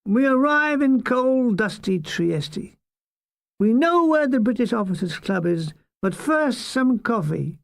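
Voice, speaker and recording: A man reading his own comic memoir aloud, dry and wry, with deadpan jokes and asides to the listener. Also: very high-pitched, slow, gravelly, no echo.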